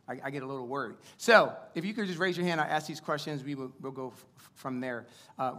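Speaking in a pushed, bright, rather high voice, this guest preacher in his thirties tells casual stories during his sermon in a church sanctuary. His manner is upbeat and talkative, full of fillers and remarks tossed to the congregation.

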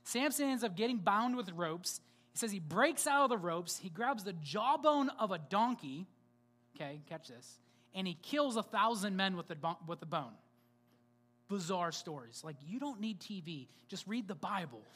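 A woman's voice: medium pitch, animated, moderate pace, a bit bright. Woman preacher, casual storytelling sermon, lots of rhetorical asides.

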